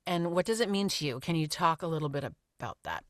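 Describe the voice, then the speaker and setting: A woman's voice: deep voice, expressive, fast, a crowd in the background. A woman hosting a podcast, asking questions in a playful, self-deprecating and emphatic way. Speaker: podcast host. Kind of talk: casual conversational interview.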